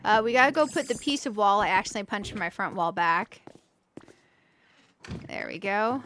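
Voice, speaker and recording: A woman's voice: medium pitch, lively intonation, moderate pace, a bit bright, soft background music. A woman hosting a casual let's-play, chatting to her viewers as she builds and thinking aloud in a playful, self-mocking way. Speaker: gaming channel host.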